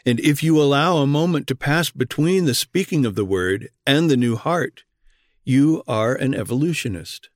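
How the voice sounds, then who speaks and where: Male reader, mid pitch, earnest read-aloud sermon that presses questions on the listener; dry, roomless recording. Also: lively intonation, moderate pace, dry recording.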